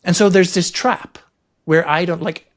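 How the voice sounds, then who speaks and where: A man hosting a podcast interview, chatting casually and thinking aloud with animated quoted asides. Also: high voice, normal speed. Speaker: podcast host.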